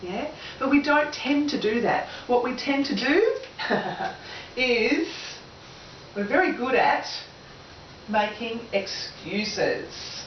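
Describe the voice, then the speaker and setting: A woman with an Australian accent giving a lively motivational seminar talk to a live audience, often asking them questions. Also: fairly high pitch, takes it slowly, slight background noise. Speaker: presenter. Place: room with an audience. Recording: roomy, distant, lo-fi camera audio.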